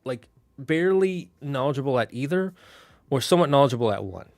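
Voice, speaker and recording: A man thinking aloud on a casual solo stream, building out a fantasy town with halting, restarting speech. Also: mid-range voice, sing-song, a little mellow, dry recording.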